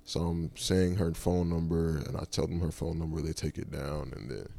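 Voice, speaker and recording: Very deep, gravelly man telling a story. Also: steady tone, moderate pace, mellow. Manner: loose, rambling retelling with many fillers. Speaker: podcast host. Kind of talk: casual personal storytelling.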